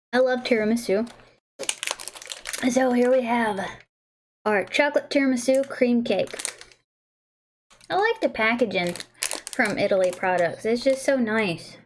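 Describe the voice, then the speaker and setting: A bubbly woman chats casually on a livestream. Her voice sits a little high, she giggles easily, and she trips over words as she reads aloud. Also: expressive, measured pace, long pauses, a little hiss or hum. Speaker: livestream host tasting snacks.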